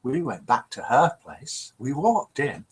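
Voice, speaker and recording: A man's voice: very animated, unhurried, slightly rough. A British man hosting a live online show, chattily reading out viewer comments and telling cheeky jokes in a small home studio. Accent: British English. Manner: cheeky, playful joke-telling with wide pitch swings.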